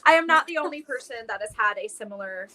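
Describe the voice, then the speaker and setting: A young woman with a bright, higher voice tells a personal story as a podcast guest. She talks casually and emotionally, full of "like"s. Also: lively intonation, fast, rough recording.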